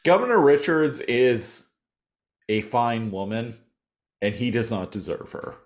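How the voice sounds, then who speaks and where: A man's voice: mid-range voice, big pitch swings, measured pace. A man co-hosting a podcast, chiming in with short, dry remarks. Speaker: podcast co-host. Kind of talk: casual recap chat.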